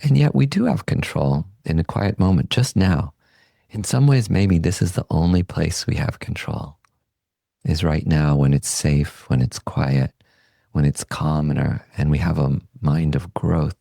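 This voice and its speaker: Low gravelly male voice, mellow and unhurried; a meditation teacher reflecting calmly. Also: dry recording. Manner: calm, unhurried, gently reflective. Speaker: podcast host and meditation teacher. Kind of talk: reflective Buddhist teaching talk.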